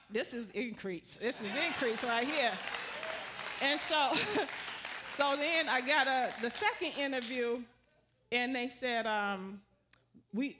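Animated woman sharing a church testimony. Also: on the high side. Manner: animated storytelling, rising to joyful exclamations. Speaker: testimony speaker.

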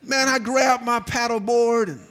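A man preaching a sermon, telling a personal story and building to shouted exhortation. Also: very high voice, steady tone, measured pace.

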